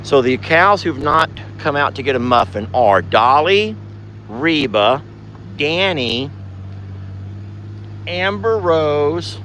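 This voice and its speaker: A man hosting a casual ranch vlog outdoors at night, drawling to viewers and cooing in a high sing-song at his cows. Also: lively intonation, takes it slowly, pauses often, pushed and bright, slight background noise. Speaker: ranch vlogger.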